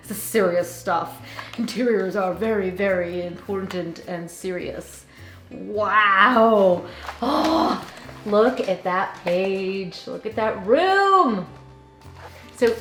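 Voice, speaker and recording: A woman chatting casually in a vlog about interior design books, bubbly and quick to laugh. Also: a little high, a bit bright, echoey room.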